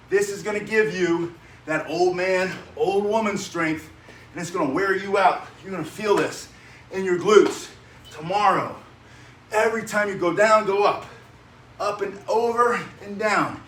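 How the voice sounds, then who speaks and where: High-voiced energetic male fitness coach. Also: slight background noise. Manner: energetic, chatty, laughs while telling stories; coaching directions mid-exercise. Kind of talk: spoken workout instruction with war stories.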